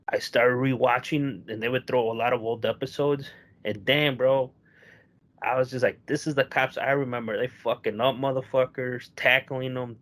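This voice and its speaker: A young man co-hosting a casual podcast chat. He tells long, rambling stories laced with swearing and jumps into voices when quoting people. His voice sits at a middling pitch. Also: fairly bright tone. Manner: rambling storyteller, profane, acts out quotes. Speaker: podcast co-host.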